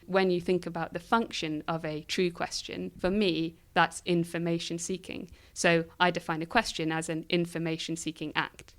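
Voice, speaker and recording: A woman guest in a philosophy interview, explaining her ideas in a thoughtful, measured way. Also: on the low side, flat delivery. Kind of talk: interview conversation.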